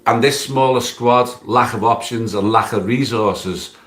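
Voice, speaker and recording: A man giving a scripted opinion read-out in a measured, steady delivery. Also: mid-range voice. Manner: measured, steady reading of a prepared piece. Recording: echoey room sound.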